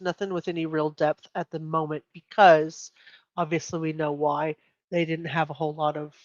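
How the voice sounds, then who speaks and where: A woman's voice: low-pitched, no echo, lo-fi sound. A woman hosting a casual true crime livestream, chatting with viewers, laughing often and reading headlines aloud. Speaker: livestream host.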